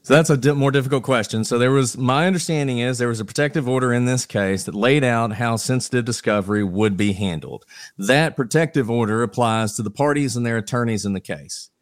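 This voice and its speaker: A man giving measured legal analysis on a podcast panel, thinking aloud with small restarts. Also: medium pitch, dry recording, clean studio sound. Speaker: attorney guest.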